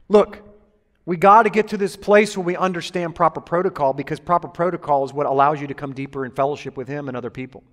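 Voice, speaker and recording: A man preaching a sermon to a congregation, joking with them and drawing amens and laughter. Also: fairly high pitch. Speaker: pastor. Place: church hall with congregation. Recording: echoey hall reverb.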